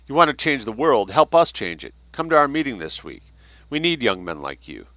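A young woman socialist urges the men to come to her meeting, read aloud by a man. She speaks loudly and insistently, in a bright, forceful tone. The sound is dry and close. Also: mid-range voice, sing-song, a little fast, no echo, voice pushed up. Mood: urging. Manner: loud insistent exhortation.

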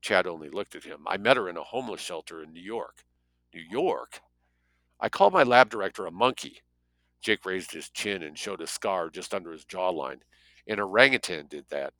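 A man's voice: sits low, expressive, normal speed, bright, forceful tone, no room sound, low-quality recording. A man reading a story aloud as an audiobook narrator, lightly voicing the dialogue.

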